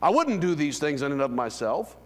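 A man in his fifties preaching a sermon as pastor, dropping to hushed low lines and rising to loud, high calls. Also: sing-song, fairly quick. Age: 50s. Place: church sanctuary. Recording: long hall reverb.

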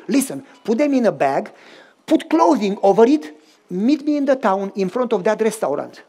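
Animated male pastor. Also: high voice. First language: Romanian. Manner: acts out dialogue with lively voice swings. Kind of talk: storytelling sermon.

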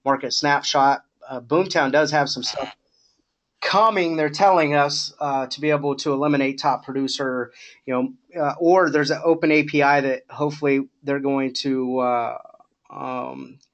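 A middle-aged man coaching a sales agent on a call, talking in a relaxed, encouraging way with many fillers. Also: mid-range voice, normal speed.

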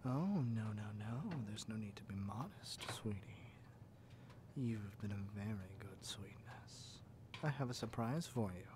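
A man voicing a doting, possessive male yandere captor in a whispered role-play, talking softly and sweetly, often in a whisper. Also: on the low side, lively intonation, a little slow, noisy background. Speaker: ASMR roleplay performer.

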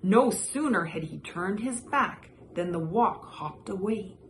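A woman reading a children's picture book aloud in a gentle, expressive way as the regular storyteller of her show. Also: mid-range voice, unhurried, a little hiss or hum.

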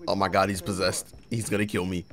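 Gravelly young man joking through a game. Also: low-pitched, little pitch movement, brisk, a bit bright. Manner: loose, profane, playful, breaks into freestyle rapping. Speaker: gaming channel host. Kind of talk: joking gameplay commentary.

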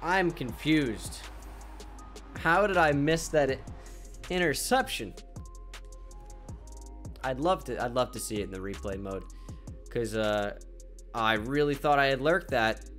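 A young man talks through his football video game at an everyday mid pitch. He stays casual and self-mocking and breaks into short excited outbursts on big plays. Faint game music plays under his voice. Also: measured pace, pauses often. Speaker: gaming channel host. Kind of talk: casual gameplay commentary.

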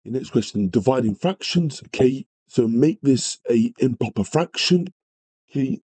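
A man's voice: medium pitch, lively intonation, moderate pace, dark tone, breathy edge, rough recording. A man teaching a live maths revision lesson, greeting viewers and apologising often as he works through problems. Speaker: maths tutor.

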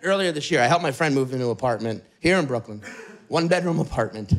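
A man doing stand-up, telling a story in a casual, animated way at a live show. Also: medium pitch, fast. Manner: animated, conversational, swearing. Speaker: stand-up comedian. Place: live show before an audience. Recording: live mic with crowd laughter.

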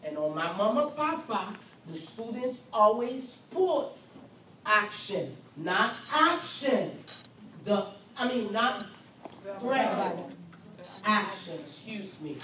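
A woman's voice: medium pitch, expressive, slow pace, fairly bright tone, a little hiss or hum. A woman nursing instructor lecturing a class, speaking emphatically and repeating key points while acting as the patient in the first person. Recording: roomy, far from mic, faint ambience.

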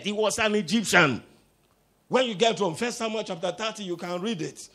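A man preaching a sermon, emphatic and repetitive, breaking into loud exclamations and coaxing the congregation to answer back. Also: sits high, animated, moderate pace. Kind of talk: sermon with call-and-response.

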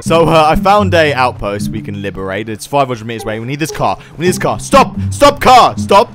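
A man giving jokey, casual gameplay commentary, yelling and joking at game animals. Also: mid-range voice, sing-song, brisk, music in the background. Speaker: gaming YouTuber.

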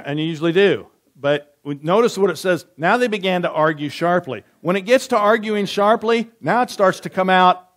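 In church, a male pastor whose voice sits a little high reads scripture slowly and quietly. Between passages he grows chatty and conversational, questioning the congregation and answering back.

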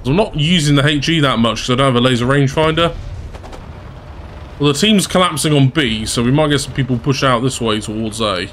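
A man at an ordinary middle pitch, commentating his own gameplay in a loose, conversational way. He talks straight to his viewers and pokes fun at his own slip-ups. A light hiss sits under the voice. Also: fairly quick, fairly bright tone. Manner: chatty, self-deprecating, talks to viewers. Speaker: gaming channel host.

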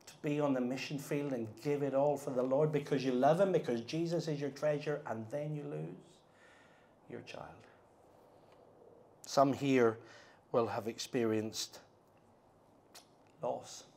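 A middle-aged man preaching a sermon at a conference, earnest, moving between hushed and emphatic delivery. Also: mid-range voice, steady tone, measured pace, long pauses. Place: conference hall.

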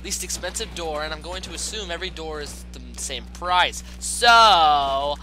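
A man hosting casual gameplay commentary at home late at night, excitable, goofy and full of jokes. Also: on the high side, brisk, soft background music, rough recording. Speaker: gaming host. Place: home gaming setup at night.

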